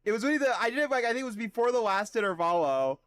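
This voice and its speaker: A man's very high-pitched, sing-song voice sounds a bit bright and clean in this dry recording. He is streaming a video game, chatting profanely and casually, joking at his own expense and tossing quick asides to his viewers.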